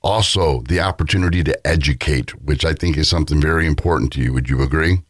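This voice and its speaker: A man's voice: very deep voice, quick pace, breathy edge, no echo, studio quality. A man hosting a morning radio show, interviewing a guest in an effusive, complimentary way.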